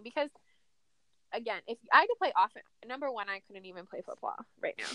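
A woman's voice: medium pitch, brisk, a bit bright, no room sound. A woman co-hosting a casual sports chat, talking in a profane, emphatic and petty way. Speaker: podcast co-host.

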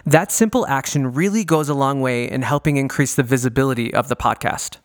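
A man's voice: medium pitch, fairly quick. Welcoming male podcast co-host. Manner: warm, welcoming, inviting. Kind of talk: scripted podcast intro.

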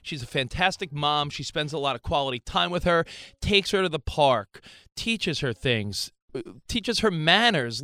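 A man co-hosting a talk show, defensive and animated, stumbling over restarts. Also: fairly high pitch, dry recording, studio quality. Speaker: radio show co-host. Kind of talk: casual talk show chat.

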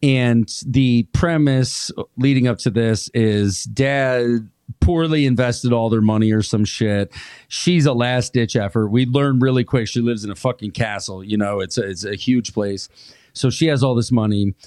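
A man's voice: medium pitch, measured pace, darkish tone, smooth, no echo. A man chatting loosely about a film, laid-back and profane with frequent laughs. His voice sits in an ordinary middle register. It is recorded close and dry, with no room sound. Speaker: podcast co-host reviewing a film. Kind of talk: casual chat.

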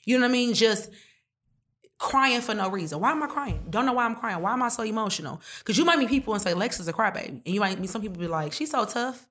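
A woman's voice: medium pitch, expressive, fast, a bit bright. A woman talking candidly and emotionally in a heart-to-heart conversation, full of casual slang.

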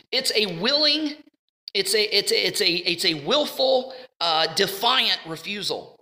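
Bright-voiced woman teaching scripture. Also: mid-range voice, expressive, a little slow, roomy sound. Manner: earnest, conversational, pleading at times. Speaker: Bible teacher. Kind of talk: informal Bible teaching.

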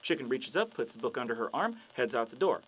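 A man's voice: mid-range voice, sing-song, quick pace, fairly bright tone, a little hiss or hum. A man telling jokes and long shaggy-dog stories in a playful storytelling way. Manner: playful storytelling, acting out voices. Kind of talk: joke telling.

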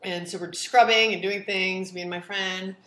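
A woman telling a personal story in a casual chat, animated and full of "like", acting out what people said. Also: medium pitch, moderate pace. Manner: animated, acts out quotes, lots of "like". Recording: echoey room.

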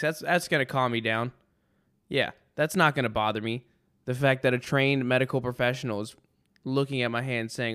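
Smooth-voiced man telling a rambling story. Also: mid-range voice, normal speed, a bit bright. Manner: rambling and sarcastic, with frequent restarts. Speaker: podcast host. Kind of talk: casual storytelling monologue.

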